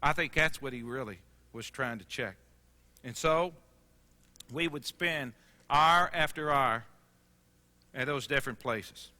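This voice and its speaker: A man giving a storytelling sales presentation, acting out dialogue and dropping soft and quiet for emotional moments. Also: mid-range voice, measured pace, long pauses, in a large hall. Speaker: sales trainer.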